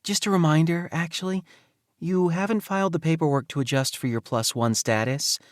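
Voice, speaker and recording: A male audiobook narrator voices a young woman boss who comes across as friendly, kind, and concerned. He pitches the character above his own voice but keeps it close to everyday speech, talking briskly on the high side in clean studio sound with no room echo.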